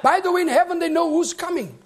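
A male preacher delivering a fervent sermon, often shouting and calling on the congregation for amens. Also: very high-pitched, fast.

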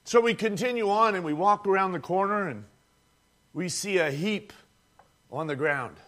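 A preacher with a high-pitched voice delivers a sermon as dramatic storytelling. He speaks directly to his listeners, calling them friends, as he builds the scene. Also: expressive, normal speed, fairly bright tone.

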